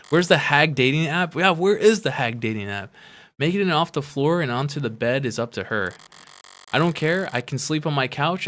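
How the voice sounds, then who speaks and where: A man's voice: mid-range voice, a bit bright, slight background noise. Man reading game dialogue aloud. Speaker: streamer.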